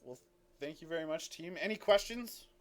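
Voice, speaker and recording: A man serving as game master, narrating and wrapping up a session in a loose, casual way. He speaks with plenty of fillers and corrects himself on the fly. His voice sits somewhat high for a man. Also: lively intonation, moderate pace. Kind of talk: running a tabletop game.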